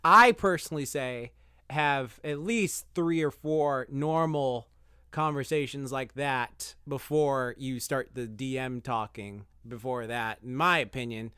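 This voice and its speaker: A man's voice: mid-range voice, a little slow, pushed and bright, clear, resonant tone, dry recording, clean studio sound. A man casually giving dating advice on a podcast, rambling and swearing, acting out imagined messages in a raised voice. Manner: rambling, swears, acts out quoted texts in a raised voice. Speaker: podcast co-host.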